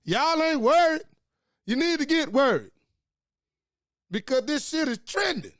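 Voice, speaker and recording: A man's voice: very high-pitched, big pitch swings, a little slow, fairly bright tone, dry recording, studio quality. A man in his late forties hosting his own talk show, delivering an angry, profane, preachy monologue. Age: late 40s. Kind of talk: impassioned monologue.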